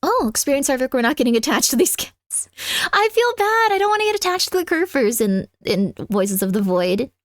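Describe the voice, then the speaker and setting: A high-pitched woman streamer chatting live from her room at home. She rambles in a loose, friendly way, drops "like" into most sentences and breaks into sharp yelps at her cat. The sound is close and dry, with no room echo. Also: very animated, brisk. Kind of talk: casual live-stream chat.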